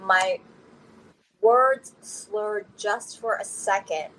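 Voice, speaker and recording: Unhurried woman telling a candid personal story. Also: medium pitch, fairly even intonation, fairly bright tone, slight background noise, poor audio. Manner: candid, laughs through hard memories. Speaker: interview guest.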